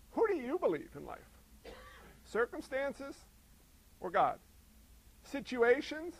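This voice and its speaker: A man preaching a sermon, animated and asking his listeners questions. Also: sits high, creaky, low-quality recording. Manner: animated, asks the congregation questions. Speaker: pastor.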